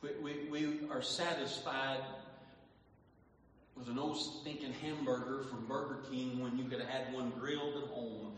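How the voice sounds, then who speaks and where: Impassioned preacher in an echoey hall. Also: male voice, medium pitch, fairly even intonation, a little slow, a little hiss or hum. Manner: impassioned, rises into sung shouts, repeats phrases. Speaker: pastor. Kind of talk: sermon. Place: church sanctuary. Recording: echoey church hall, distant mic, faint ambience.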